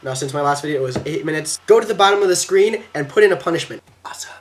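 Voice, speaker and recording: Fast-talking excitable teenage boy. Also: on the high side. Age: teens. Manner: fast, excitable, acts out quotes in silly voices. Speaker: exchange student vlogger. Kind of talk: casual storytelling vlog. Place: at home by his computer.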